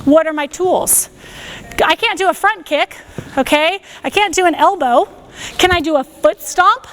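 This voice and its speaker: High-voiced woman teaching self-defense. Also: measured pace. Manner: energetic, gives commands, checks in with "okay?". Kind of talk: classroom instruction. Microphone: wearing a microphone.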